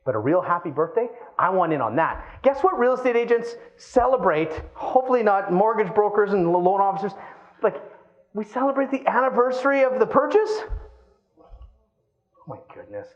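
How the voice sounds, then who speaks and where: Man, keynote speaker, high lively voice, acts out voices, dull lo-fi live sound. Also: a little fast. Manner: animated, acts out quoted voices.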